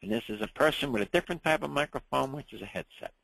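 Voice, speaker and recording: A man teaching a ham radio class in a relaxed, chatty way, often checking in with the room. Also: medium pitch, fast, vocal fry, husky, dry recording, low-quality recording.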